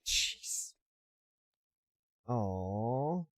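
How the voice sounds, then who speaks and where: A man's voice: medium pitch, big pitch swings, extremely slow, a bit bright, no room sound, studio quality. A man hosting a casual reaction video, teasing and chuckling at what he watches.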